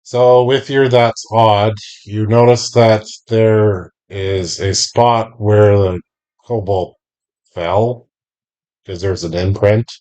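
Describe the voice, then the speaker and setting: A man running a tabletop game as game master, describing scenes slowly and deliberately. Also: on the low side, steady tone, dark tone.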